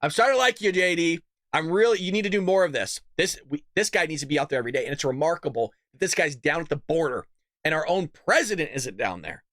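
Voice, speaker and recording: A man's voice: on the high side, lively intonation, quick pace, a bit bright, no room sound, clean studio sound. A man hosting his own political commentary show, talking bluntly and animatedly, with laughing asides. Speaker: host.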